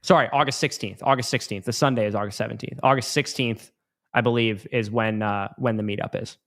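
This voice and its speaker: Male podcast co-host, mid pitch, laid-back and teasing, reads chat aloud. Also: steady tone, brisk, a bit bright.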